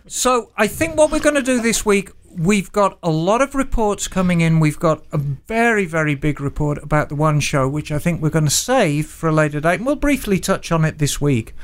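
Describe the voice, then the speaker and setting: High, lively teasing male host. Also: moderate pace, clean tone. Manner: teasing, laughs often. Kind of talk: casual group podcast chat.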